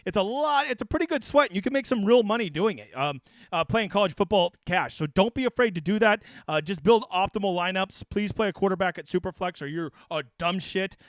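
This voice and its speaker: A man hosting a casual fantasy sports picks breakdown, brash, profane and excitable as he talks to the viewer. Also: high voice, brisk, dry recording, studio quality. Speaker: daily fantasy sports analyst and host.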